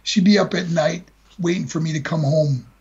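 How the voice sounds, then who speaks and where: An older man with a very husky voice, telling a personal story in an earnest, heartfelt way with many repeated words. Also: fairly high pitch, moderate pace, darkish tone. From United States. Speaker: guest speaker. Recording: dull lo-fi call audio.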